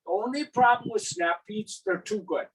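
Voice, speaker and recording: Older male gardening presenter, high voice, exuberant storyteller, a bit off-mic. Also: normal speed, distant mic, rough recording. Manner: exuberant, animated storyteller with big vocal sound effects. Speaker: gardening speaker.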